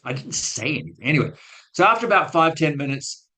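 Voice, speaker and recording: A guest speaker on language teaching addresses teachers in a webinar, recounting a classroom story in a chatty, self-deprecating style and acting out the quotes. His voice is fairly high, bright and forceful, and he talks fast with lots of animation. The recording quality is poor.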